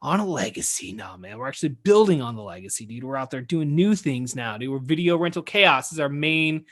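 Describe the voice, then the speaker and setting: A man's voice: mid-range voice, animated, a little fast, fairly bright tone. A man hosting his own podcast in a loose, casual chat, swearing freely and saying "dude" and "like" a lot. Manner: laid-back, swears freely, lots of "dude" and "like". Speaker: podcast host.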